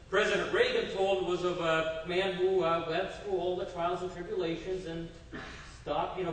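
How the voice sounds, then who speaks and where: A man with a somewhat raised pitch delivers a public speech at a community forum. He strings together anecdotes and jokes with easy fillers. The sound is distant and very reverberant, with a faint hum of room noise. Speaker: congressional chief of staff giving a speech. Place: public meeting hall. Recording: echoey hall from far off.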